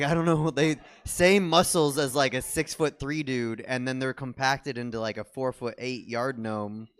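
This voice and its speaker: Rambling, self-deprecating male stand-up comic. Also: medium pitch. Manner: rambling, self-deprecating, many ums and restarts. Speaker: stand-up comedian. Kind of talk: stand-up comedy set. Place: comedy theater stage.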